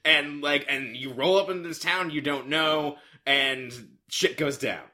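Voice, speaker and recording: A young man with a bright, fairly high voice picks apart a film in rambling, casual chat. He is sarcastic and fills his talk with "like" and restarts. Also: a little slow. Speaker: podcast co-host. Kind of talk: casual chat, movie review.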